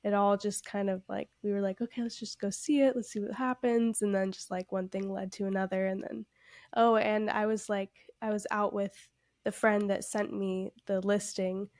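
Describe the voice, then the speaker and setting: A congested woman co-hosting a podcast, chatting casually and filling her talk with "like". Her voice sits at an ordinary middle pitch. The sound is dry and close, with no room around it. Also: flat delivery, normal speed, darkish tone, no room sound. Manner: chatty, heavy use of "like" fillers, laughs often. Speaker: podcast co-host.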